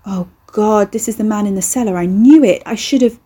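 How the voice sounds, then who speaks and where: A woman's voice: medium pitch, brisk, dark tone, husky, close to an everyday voice. A woman voicing an anxious, exasperated young woman in an audiobook. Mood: horrified. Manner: exasperated, groaning.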